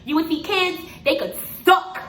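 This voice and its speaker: A young woman in her twenties casually telling a personal story to camera, animated and laughing often as she acts out what people said. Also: extremely high pitch, unhurried. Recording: echoey room with faint noise.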